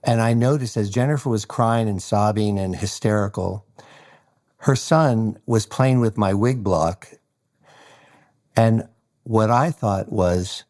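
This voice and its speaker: A man's voice: fairly low pitch, a little slow. A man, a hairstylist guest on an interview podcast, telling stories and acting out the voices of the people in them. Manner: animated storyteller acting out quoted voices. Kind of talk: storytelling interview.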